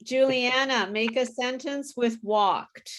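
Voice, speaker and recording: A woman teaching an English pronunciation class, modelling words slowly and patiently for students to repeat. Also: a little high, fairly bright tone. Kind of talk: online group pronunciation class.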